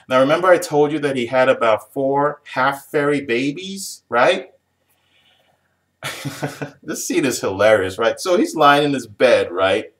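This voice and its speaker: A man with a lowish, slightly bright voice casually recaps a TV episode for a review video. He rambles, chuckles, and keeps restarting his sentences.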